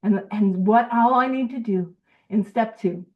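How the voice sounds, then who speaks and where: A woman's voice: mid-range voice, unhurried, recorded from a distance, highs cut off. A woman co-hosting a recovery book study group in casual, digressive, self-deprecating talk over a video call.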